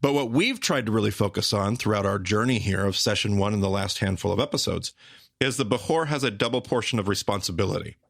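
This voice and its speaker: A man hosting a podcast, explaining Bible stories with emphatic, repetitive phrasing that speeds up and slows down. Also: lowish voice, vocal fry, a bit bright, dry recording, studio quality. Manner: emphatic, repetitive, with rapid bursts and slow stressed phrases. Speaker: podcast host teaching the Bible. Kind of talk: animated teaching conversation.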